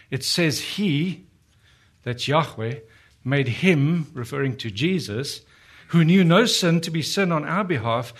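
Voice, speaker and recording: A man delivering a sermon in an earnest, steady voice at a middle pitch. He keeps turning to his listeners with rhetorical questions. When he quotes scripture he slows right down and lets the words sit. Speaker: preacher.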